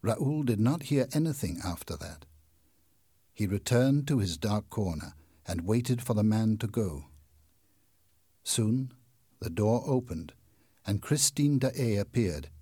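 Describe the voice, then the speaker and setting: A man narrating a simple story with slow, deliberate, expressive delivery and a husky voice. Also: lowish voice, no room sound, studio quality. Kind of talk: scripted narration of a graded reader.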